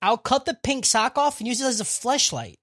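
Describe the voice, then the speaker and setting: A man bantering playfully with friends, profane and quick to joke back. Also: very high voice, lively intonation, fairly bright tone, breathy edge. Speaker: podcast co-host. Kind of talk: casual crude banter.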